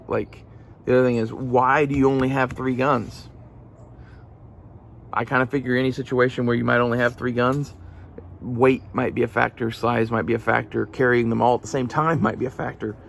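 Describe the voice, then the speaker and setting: Guy with a gravelly voice just rambling on about his gear, swears a lot, lots of uhs and you knows, faint room hum behind him. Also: medium pitch. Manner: casual, profane, rambling with fillers. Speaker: gun channel vlogger. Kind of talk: casual rambling gear talk.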